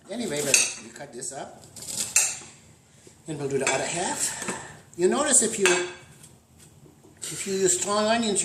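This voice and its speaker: A man hosting a mock home cooking demonstration, rambling through deadpan puns and dad jokes. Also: sits high, very noisy. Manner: deadpan punning, dad jokes, trailing asides. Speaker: host of a joke home cooking show. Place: home kitchen. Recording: echoey kitchen with clattering pots and cutlery.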